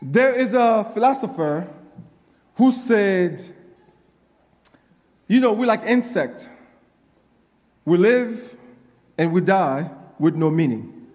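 A man's voice: high voice, animated, slow pace, long pauses, darkish tone, big-room sound. A male pastor preaching a sermon, repeating his lines and working himself up with call-and-response.

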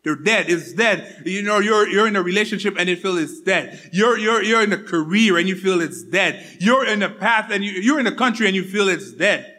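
A man preaching a sermon, repeating his points with emphasis and often dropping to a soft, intimate tone. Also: high voice, normal speed, hardly any pauses.

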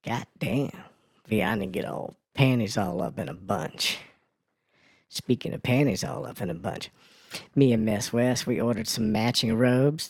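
A man voicing a brash, foul-mouthed woman who reads crude news and weather on a comedy radio show, ranting with a gravelly sass. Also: medium pitch, darkish tone, dry recording, clean studio sound. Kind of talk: comedy radio character bit.

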